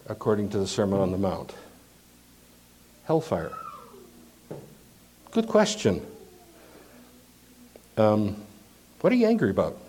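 Slow-speaking man preaching a sermon. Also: fairly low pitch, wildly swooping pitch, a little hiss or hum. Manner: emphatic, rhetorical questions, swings from loud to hushed. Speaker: pastor.

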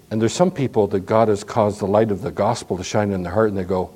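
A male pastor preaching a sermon in an animated, conversational, folksy way, with frequent restarts. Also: lowish voice, quick pace, few pauses, slightly rough.

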